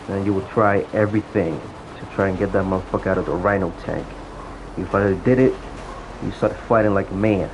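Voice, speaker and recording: A gaming vlogger with a low, steady voice goes on a casual, profane rant, talking a little fast as he tells stories about old times in an online game. The audio is dull and lo-fi, with faint noise.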